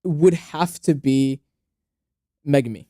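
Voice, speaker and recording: A man's voice: medium pitch, slow, dark tone, no echo, clean studio sound. A man co-hosting a casual podcast, laid-back and slangy, swearing as he talks about anime. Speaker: podcast co-host.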